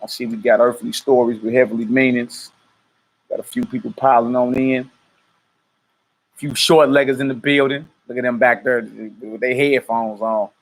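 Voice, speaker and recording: A man hosts a relaxed ministry livestream, calling out viewers by name and hyping them up. He laughs easily and talks loosely in a mid-pitched voice. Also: normal speed. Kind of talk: casual livestream chat before prayer.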